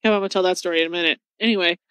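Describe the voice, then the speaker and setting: A woman's voice: lowish voice, fairly even intonation, racing, fairly bright tone, clear, resonant tone, no room sound. A woman co-hosting a podcast, chatting casually in a blunt, teasing way. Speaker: podcast co-host. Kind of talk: casual chat.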